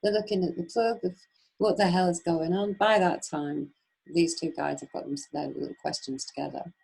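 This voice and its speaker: A woman telling a long personal story on a webinar, animated, acting out the voices she quotes, with many restarts. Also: medium pitch, gravelly, husky, rough recording. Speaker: webinar speaker. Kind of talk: casual storytelling.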